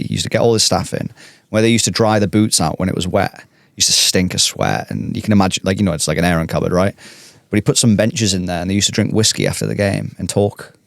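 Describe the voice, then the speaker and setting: A man talks in a loose, rambling style, stopping to restart his sentences, as a podcast host chatting. His voice is fairly low. The recording is dry and close. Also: vocal fry, dry recording. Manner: rambling, many restarts and fillers. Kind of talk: casual chat.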